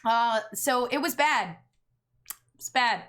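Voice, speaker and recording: High bright woman streamer, chatty, laughs and swears a lot. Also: takes it slowly. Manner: animated storytelling, swearing and laughing. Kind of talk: casual chat.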